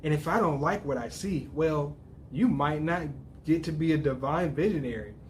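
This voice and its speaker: A smug, scheming male official, read aloud by a man makes veiled threats with easy confidence. His voice is fairly high for a man, and faint noise sits underneath it. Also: normal speed, a little mellow, close to an everyday voice.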